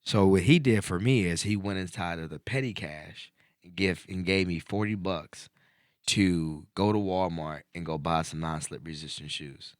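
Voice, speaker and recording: Deep-voiced man telling a story. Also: moderate pace, no room sound, clean studio sound. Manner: animated storyteller, voice climbing when excited. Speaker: podcast host. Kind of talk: casual storytelling chat.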